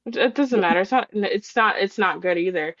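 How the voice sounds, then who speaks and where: A woman's voice: medium pitch, a little fast, fairly bright tone, dry recording, highs cut off. A woman co-hosting a podcast, talking casually in a blunt, wry and profane way. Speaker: podcast co-host. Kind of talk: casual wrestling chat.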